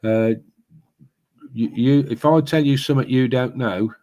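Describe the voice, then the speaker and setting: A man spinning a long, wandering story over a video call. He acts out the other people's lines as he goes, and his pitch sits right in the middle for a man. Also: measured pace, warm tone. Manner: rambling storyteller, acts out quoted voices. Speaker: party candidate.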